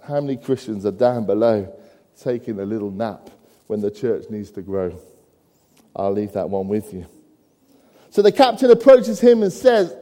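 A man delivers a sermon with a high, mellow voice that rings out through a church with a long reverb tail. He breaks his preaching with humorous asides and keeps putting rhetorical questions to his listeners. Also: sing-song, a little slow.

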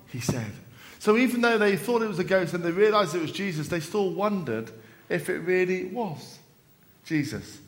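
A man's voice: sits high, sing-song, moderate pace. Man preaching an evening sermon. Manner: dramatic retelling with quoted lines, rising and falling emphasis. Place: church service.

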